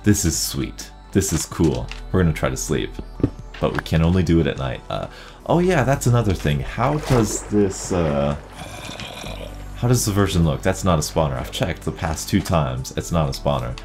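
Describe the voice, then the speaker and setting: A man hosting casual gameplay commentary, chatty and excitable, rambling as he plays. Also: very deep voice, normal speed, music in the background. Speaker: gaming channel host.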